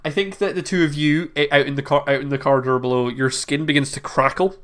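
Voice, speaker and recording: A woman's voice: sits low, steady tone, fast talker. A woman narrating a tabletop game as game master, casual and hesitant with frequent fillers.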